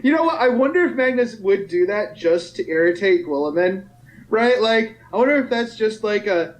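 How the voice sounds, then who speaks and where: A man's voice: sits high, animated, moderate pace, rough recording. A man co-hosting a podcast, chatting casually in a playful, teasing, pedantic way. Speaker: podcast co-host. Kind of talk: casual chat.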